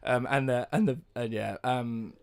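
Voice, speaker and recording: A young man co-hosting a casual podcast, rambling and restarting as he tells gaming stories, getting loud and laughing when excited. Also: mid-range voice, a little slow, dry recording, clean studio sound. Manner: rambling, self-correcting storyteller who gets loud and laughing when excited. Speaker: podcast co-host. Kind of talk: casual chat. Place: home studio, dry close mic. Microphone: close podcast mic.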